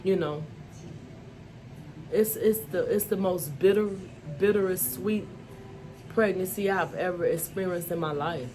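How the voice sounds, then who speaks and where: In a lowish, dark-toned voice, she speaks a little slowly and pauses often, with a faint hiss or hum. The speaker is an adult vlogger and mother of school-age children, candidly and emphatically telling her life story to the camera, saying "you know" and "y'all" a lot.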